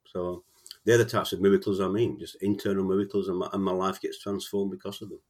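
A man with a very low, husky voice who speaks haltingly and earnestly. He often repeats words as he tells an emotional personal story. He sounds like a guest on an interview. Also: flat delivery, darkish tone. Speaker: author guest. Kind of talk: casual interview, personal testimony.

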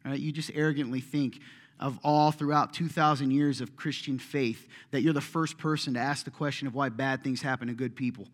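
A man's voice: mid-range voice, fairly even intonation, a little fast. A middle-aged man preaching a sermon as a pastor, conversational and impassioned, acting out prayers and complaints aloud.

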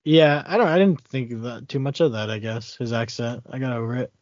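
A man's voice: medium pitch, a little fast, darkish tone, dry recording. Midwest guy, casual chat, lots of ums and restarts, dry lo-fi sound. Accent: Midwestern American. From American Midwest. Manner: hesitant, many fillers and restarts.

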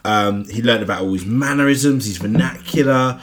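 A man's voice: mid-range voice, moderate pace. A man co-hosting a podcast, chatting casually and easily about film trivia. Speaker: podcast co-host. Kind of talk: casual film review chat.

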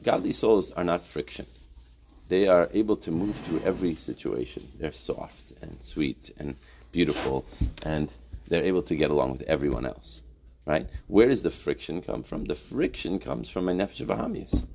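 A man's voice: rumbling low, lively intonation, moderate pace, gravelly, darkish tone. A middle-aged man teaching a Torah class in a conversational way, reading Hebrew source lines and explaining them in English, often adding "right?".

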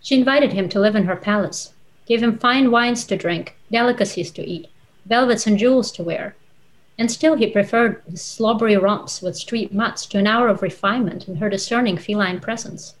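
A woman's voice: mid-range voice, low-quality recording. Thoughtful woman author. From Russia. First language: Russian. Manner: thoughtful, measured, with frequent "uh" and "um". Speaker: author and guest. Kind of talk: conversational interview and reading aloud from her novel.

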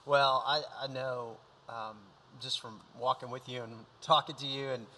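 A man, a pastor, interviewing a guest in an encouraging, soft-spoken way. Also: medium pitch, steady tone, measured pace, low-quality recording.

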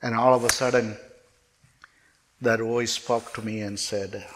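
A man's voice: lowish voice, level tone, a little slow, long pauses, a little hiss or hum. A man preaching a sermon as a personal testimony, telling his story earnestly and emotionally, often stumbling and restarting his words.

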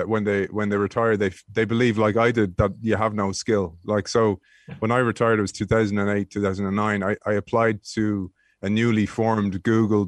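A man, a guest telling lively anecdotes in an interview, often restarting his sentences. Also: lowish voice, no room sound. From Ireland. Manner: animated storyteller with frequent restarts. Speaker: guest, former rugby player.

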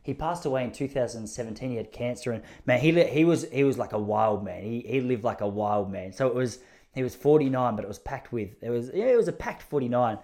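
An Australian man telling funny stories in a loose, meandering way, often poking fun at himself. His voice sits at an ordinary mid pitch. He sounds casual and chatty, like he is talking to listeners on a podcast. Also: animated, quick pace, darkish tone. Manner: rambling, self-mocking, chatty. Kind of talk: casual comic storytelling monologue.

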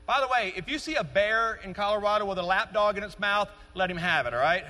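A middle-aged man preaches with rising passion, his voice high and bright. He builds line by line to emphatic peaks. The sound carries a long reverb through a large sanctuary. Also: fast, hardly any pauses. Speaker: pastor. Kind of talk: sermon.

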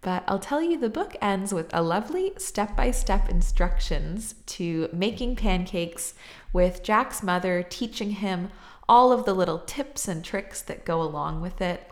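A woman reading a picture book aloud in a slow, gentle, measured way. Her voice sits fairly low and carries a gravelly fry. She also chats casually as a host. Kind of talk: storybook read-aloud and casual chat.

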